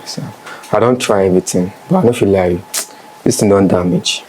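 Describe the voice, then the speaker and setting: An actor with a Nigerian Pidgin accent playing a calm, plain-spoken TV repairman. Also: low-pitched, a little fast, slight background noise, lightly acted, rough recording. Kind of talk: film drama acting.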